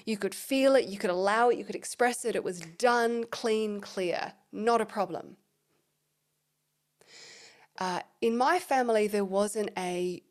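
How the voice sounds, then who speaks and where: A woman who leads intimacy workshops, talking expressively in a podcast conversation and often dropping to soft, breathy tones. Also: medium pitch.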